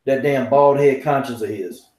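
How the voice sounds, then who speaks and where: A man telling a story in casual podcast chat, animated and profane, his voice climbing as he acts out both sides of a phone call. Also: mid-range voice, moderate pace, roomy sound, a little hiss or hum. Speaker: podcast co-host, called Coach.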